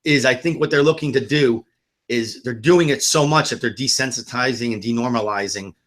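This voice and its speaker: A man's voice: medium pitch, a little fast, fairly bright tone. A man co-hosting a political podcast, ranting bluntly and swearing often in casual talk. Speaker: podcast co-host.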